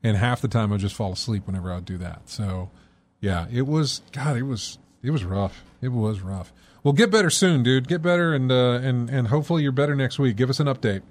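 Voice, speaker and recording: A male host of a call-in show speaks in a medium-pitched, everyday voice. He chats casually and keeps the conversation moving with quick, friendly agreement. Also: expressive. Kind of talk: casual chat with callers.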